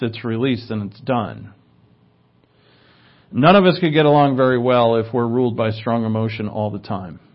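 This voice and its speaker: Plauderton eines Predigers, dumpfer Klang. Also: male voice, medium pitch, lo-fi sound. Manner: conversational, with asides and fillers. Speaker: preacher. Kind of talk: sermon teaching.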